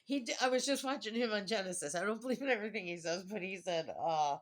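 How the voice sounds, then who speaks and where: A woman's voice: mid-range voice, quick pace. A middle-aged woman vlogging a rambling personal monologue, chatty, laughing often and trailing off mid-thought.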